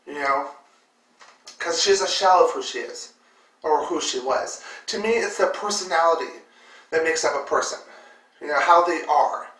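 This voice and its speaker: A woman's voice: low voice, normal speed, pauses often, fairly bright tone. A woman vlogger telling a personal story with emotion, full of fillers and repeated words. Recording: roomy echo, distant mic.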